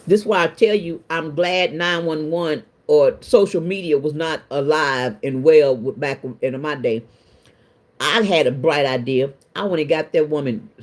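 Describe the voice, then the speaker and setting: A woman's voice: sits low, darkish tone. A middle-aged woman hosting a livestream, telling a story to her chat in a colloquial, self-mocking way with frequent laughs. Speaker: livestream host. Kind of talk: casual storytelling to a live chat.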